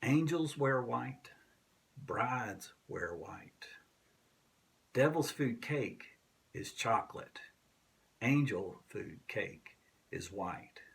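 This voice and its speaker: A man who is a minister, preaching a sermon in a slow, measured way with long pauses. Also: medium pitch, creaky. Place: church sanctuary.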